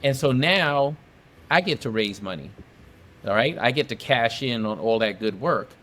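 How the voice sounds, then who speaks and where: A man's voice: medium pitch, expressive, moderate pace, fairly bright tone. A middle-aged man from New York telling his story as a podcast guest, emphatic and fond of repeating phrases for effect. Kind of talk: casual storytelling interview.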